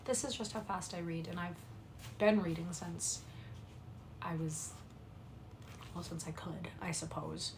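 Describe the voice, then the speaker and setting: A woman reading a classic novel aloud on a livestream at a quick pace, with soft, apologetic asides to her viewers. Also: lowish voice, steady tone, creaky, background noise. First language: English. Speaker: livestream reader.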